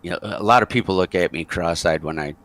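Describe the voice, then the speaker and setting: A man's voice: low-pitched, fast talker, fairly bright tone. A man, a former soldier, tells a rambling war story in a casual interview over a voice call, with many fillers and chuckles.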